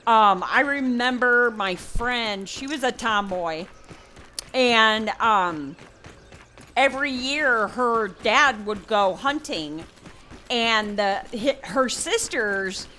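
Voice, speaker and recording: Slow-talking chatty grandma gamer. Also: female voice, fairly high pitch, pushed and bright, slight background noise. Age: older. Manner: rambling, folksy, chatty with many fillers. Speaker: gaming channel host. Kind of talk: casual gameplay commentary with storytelling.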